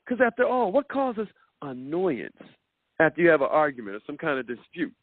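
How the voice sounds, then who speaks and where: A man's voice: a little high, very animated, moderate pace, no echo. A man giving a motivational talk in a preacher-like way, repeating words and acting out the voices he quotes. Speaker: motivational speaker. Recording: dry tinny phone-like sound.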